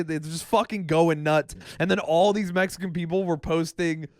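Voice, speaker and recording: Male podcast co-host, excitable and profane, slightly high voice, dry studio sound. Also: moderate pace, hardly any pauses, no room sound. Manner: excitable, swears a lot, lively mock quotes. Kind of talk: casual profane podcast chat.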